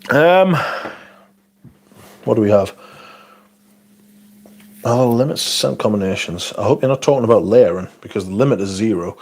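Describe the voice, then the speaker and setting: Guy on a livestream, swears a ton, lively up-and-down voice, rambling rants. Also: fairly low pitch, normal speed, long pauses. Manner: sweary, ranting, reading viewer questions. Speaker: livestream host. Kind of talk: casual livestream chat.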